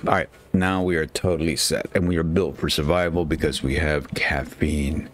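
Deep-voiced man chatting over gameplay. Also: fairly even intonation, normal speed. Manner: chatty, self-mocking, talks to his character. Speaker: gaming channel host. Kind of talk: casual gameplay commentary. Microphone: headset.

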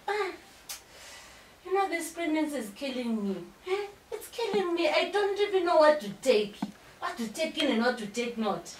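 Woman acting demanding pregnant mistress, Zimbabwean accent, very high voice, whiny and giggly, comedy skit, echoey room. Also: very animated, moderate pace, slight background noise. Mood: wheedling. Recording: roomy, distant from mic.

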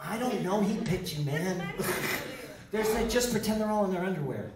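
Male stage host, New Jersey accent, animated joker, slightly high voice, recorded from far off in an echoey theater over loud crowd noise. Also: normal speed. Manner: joking, teasing, animated banter with laughs. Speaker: live stage show host. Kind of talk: live comedy stage show with audience banter.

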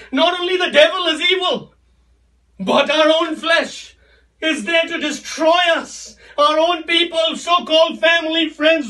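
A man preaching an impassioned sermon, often raising his voice to a shout and repeating phrases for emphasis. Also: very high voice, distant mic.

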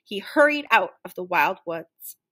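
A woman reading a children's story aloud, animated and playing out the noises. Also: lowish voice, a little slow. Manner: animated, sound-effect voices for noises. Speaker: children's book reader.

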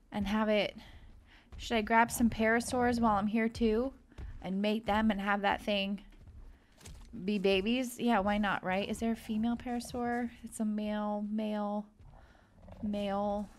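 A woman's voice: medium pitch, fairly even intonation, unhurried, a little mellow. A young woman casually commentating her own gameplay, chatty and gushing over the creatures she tames. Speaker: gaming video host. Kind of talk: casual let's-play commentary.

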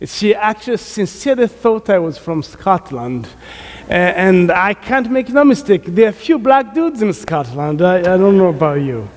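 A man with an African accent preaches a jovial sermon, laughing easily as he talks. His voice sits high for a man. It rings out with the long reverb of a large church sanctuary. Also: animated, normal speed. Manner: jovial, laughs often between remarks. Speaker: guest preacher. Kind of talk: sermon with prayer.

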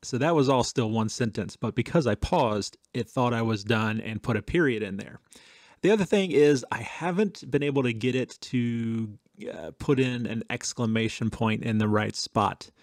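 A man's voice: medium pitch, moderate pace, dry recording. Man, tech channel host, chatty casual demo, dry close sound. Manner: conversational, chatty, with fillers.

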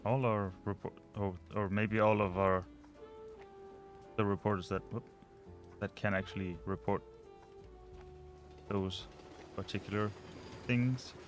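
Low-voiced man thinking aloud over gameplay. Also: steady tone, a little slow, long pauses, soft background music. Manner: muttering, thinking aloud, trailing off. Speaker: let's play host. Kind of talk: casual gameplay commentary.

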